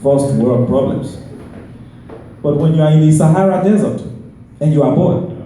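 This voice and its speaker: A man doing stand-up in a put-on Nigerian accent, delivering slow, deliberate punchlines with repeated refrains. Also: on the high side, mellow, lightly acted. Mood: deadpan. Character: man with a thick Nigerian accent, deadpan storyteller. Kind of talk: stand-up comedy. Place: live comedy venue. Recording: echoey stage mic from far off with crowd noise.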